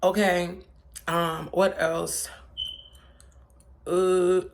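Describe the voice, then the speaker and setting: Young woman just chatting to her followers, kinda gravelly, slangy n rambly, a bit of hiss behind. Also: fairly low pitch, flat delivery, drawn-out words. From Pennsylvania. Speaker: vlogger. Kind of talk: casual chat. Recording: faint background noise.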